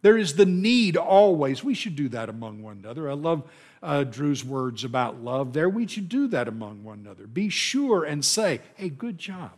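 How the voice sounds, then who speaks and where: A man's voice: a little high, very animated, normal speed, darkish tone. A man preaching a sermon to his congregation in a conversational, self-deprecating way, asking them questions.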